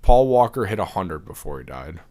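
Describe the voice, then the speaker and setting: A man's voice: sits low, sing-song, fairly quick, mellow, slight background noise. A young man co-hosting a podcast in casual chat, dry and offhand. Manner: dry, rates jokes offhandedly. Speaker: podcast co-host.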